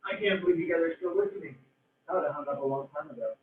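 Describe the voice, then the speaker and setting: A man speaking in a fairly high voice gives an emphatic motivational talk to a group, hammering home the same phrases and stretching words for weight. He sounds tinny and distant from the mic, as if coming through a call in an echoing room. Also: a little hiss or hum. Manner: emphatic, repetitive, drawn-out for emphasis.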